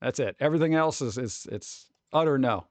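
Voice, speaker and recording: A man chatting casually on a live stream, reading chat and reacting with quick exclamations. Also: mid-range voice, expressive, dry recording.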